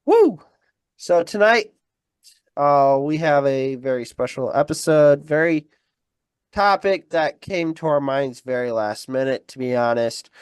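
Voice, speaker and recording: Host: man, congested, unhurried, stop-start casual delivery. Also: mid-range voice, lively intonation, smooth, no echo, studio quality. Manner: halting, repeats words, many fillers. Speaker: podcast host. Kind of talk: casual live-stream chat.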